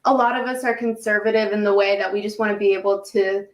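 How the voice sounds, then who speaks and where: A woman's voice: medium pitch, fairly even intonation, fast talker, roomy sound. A woman guest in casual chat, giggly and eager, gushing as a fan. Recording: loud background noise.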